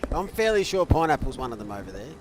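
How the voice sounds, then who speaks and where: A man commentating an online racing event, chatty and joking, getting loud and excited when the race action kicks off. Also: medium pitch, quick pace, slight background noise.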